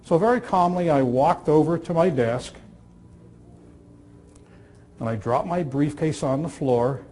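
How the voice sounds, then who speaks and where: Older man telling stories with dramatic pauses. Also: on the high side, a little mellow. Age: 60s. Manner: dramatic pauses, repetition, dry humor. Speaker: speaker on communication skills. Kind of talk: storytelling talk to a live audience.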